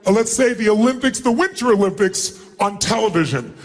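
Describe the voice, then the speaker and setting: A motivational speaker addressing a huge live audience in an arena, commanding and energetic, calling for the crowd to shout back. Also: male voice, sits high, a little fast. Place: large arena with thousands present.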